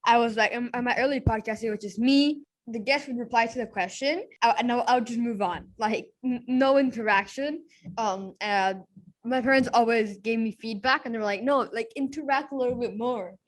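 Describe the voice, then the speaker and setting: A woman's voice: fairly high pitch, moderate pace. A young woman hosting a podcast interview, talking casually with lots of "like" and "um". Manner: casual, filler-heavy with "like" and "um". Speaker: podcast host.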